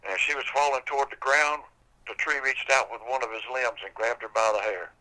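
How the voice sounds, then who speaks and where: A man's voice: medium pitch, steady tone, brisk, pushed and bright, rough recording. An older man telling a folk tale on a podcast in a folksy, casual way. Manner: folksy, casual, drawling storytelling. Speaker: storyteller.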